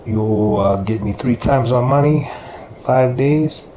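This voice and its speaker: Mocking, menacing street boss as a man puts him on, pitched up, storybook telling, echoey room with hiss. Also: takes it slowly, warm tone, lightly acted. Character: brutal neighborhood drug boss, grown man. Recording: echoey room with background noise.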